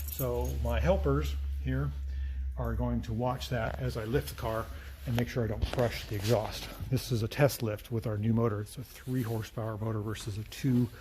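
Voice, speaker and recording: With a medium-pitched, dark-toned voice and a slight hiss or hum on the recording, a middle-aged mechanic hosts his channel from his US repair shop. He keeps it casual and friendly, explaining every step while he works.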